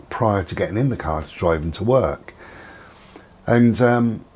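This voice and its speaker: A man's voice: lowish voice, a little slow, slight background noise. A middle-aged man, chatting casually and rambling about his day at home. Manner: rambling, relaxed, chatty with many ums. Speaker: vlogger. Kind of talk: casual chat. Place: at home with door and window open.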